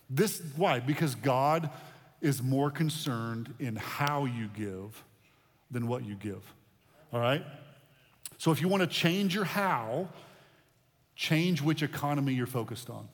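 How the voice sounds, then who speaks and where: A man's voice: a little high, moderate pace. A male pastor delivering a sermon in a conversational way, repeating himself and restarting phrases. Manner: conversational preaching with repetitions and restarts. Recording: long reverb of a large hall.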